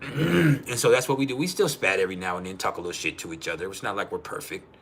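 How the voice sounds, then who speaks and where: On a livestream, a male host chats casually in a low, fast, slightly bright voice, swearing freely and laughing often as he tells stories. There's a little hiss or hum in the audio.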